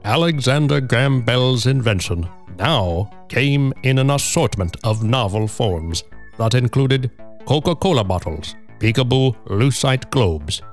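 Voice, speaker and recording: A man hosting a podcast, reading a prepared story in a measured, dry way that builds to punchlines. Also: mid-range voice, lively intonation, soft background music. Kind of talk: scripted narration with casual banter.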